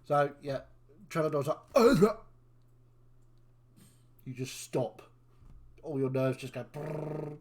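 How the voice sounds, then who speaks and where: A man's voice: fairly high pitch, level tone. A man running a tabletop game as dungeon master, narrating and reacting playfully to his players. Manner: playful, quick to react with laughs and exclamations.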